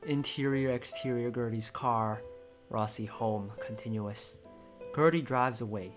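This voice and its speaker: A man reading a screenplay aloud in a casual way, excitable and choked up, often restarting his sentences. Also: medium pitch, measured pace, soft background music. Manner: excitable, emotional, with frequent restarts. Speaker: screenplay reader and commentator. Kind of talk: casual script read-through with commentary.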